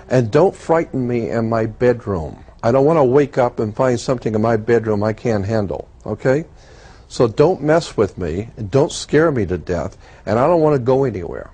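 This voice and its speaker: Male guest, mid-pitched, warm and dark tone, earnest storyteller who repeats himself for emphasis. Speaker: guest telling his story. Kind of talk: first-person storytelling in a talk program.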